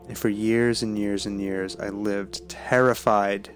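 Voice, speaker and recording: A man's voice: fairly low pitch, fairly even intonation, measured pace, faint music behind. A man in his forties co-hosting a casual podcast chat, who laughs hard and swears freely. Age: 40s. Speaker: podcast co-host.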